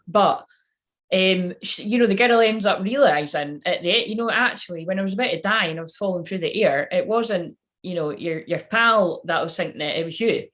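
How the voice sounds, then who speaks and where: A woman's voice: on the low side, a bit bright. A woman who works as a spiritual channeler, rambling casually on a live stream, swearing freely and talking straight to her viewers.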